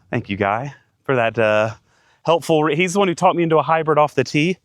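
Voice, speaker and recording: Excitable man narrating his golf round. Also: mid-range voice, a little fast, dry recording, clean studio sound. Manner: excitable, talks to himself between shots. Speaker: golf vlogger. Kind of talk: casual play-by-play on the course. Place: outdoors on a golf course.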